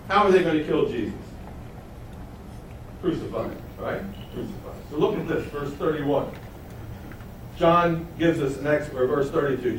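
A man preaching a sermon, teaching verse by verse and throwing rhetorical questions to his listeners. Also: a little high. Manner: animated, rhetorical questions to the audience. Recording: echoey room heard from a distance, faint noise.

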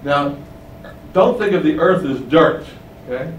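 Emphatic preacher, echoey room. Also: male voice, on the high side, expressive, distant mic, highs cut off, a little hiss or hum. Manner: slow, emphatic teaching with rising stresses. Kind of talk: sermon.

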